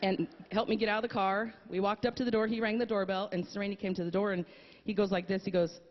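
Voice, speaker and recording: A woman speaking at a memorial, telling a story with pauses and fillers, then reading a poem aloud. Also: medium pitch, little pitch movement, a little hiss or hum. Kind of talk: heartfelt eulogy and poem reading. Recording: dull audio with long hall reverb.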